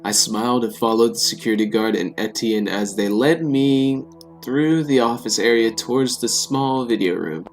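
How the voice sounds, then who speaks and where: A man's voice: medium pitch, normal speed, faint music behind. A man playing a text game, reading it aloud and talking back to the characters in jokes. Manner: joking, talks back to the characters. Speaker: let's play gamer.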